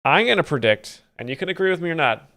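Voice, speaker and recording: A man live-streaming, commenting on comedy clips with dry, mock-expert deadpan. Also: fairly high pitch, fast talker.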